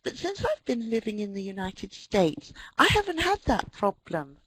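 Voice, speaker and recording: A woman's voice: fairly high pitch, very animated, moderate pace, a bit bright, breathy edge, dry recording, rough recording. A middle-aged British woman with a British accent, giving a wry, anecdotal webinar lecture on language with frequent ums. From Britain. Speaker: webinar presenter, English teacher trainer.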